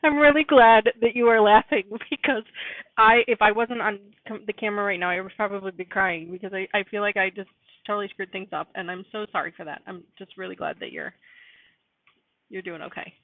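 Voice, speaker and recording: Woman, live sewing host, casual chatter, quick laughs, dry phone-like sound. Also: mid-range voice, steady tone, no room sound. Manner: chatty, apologetic, laughs often. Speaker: live-stream quilting host.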